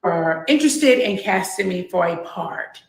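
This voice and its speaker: Gravelly woman in an echoey room. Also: mid-range voice, lively intonation. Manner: measured recounting with fillers. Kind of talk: personal account to camera. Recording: roomy echo.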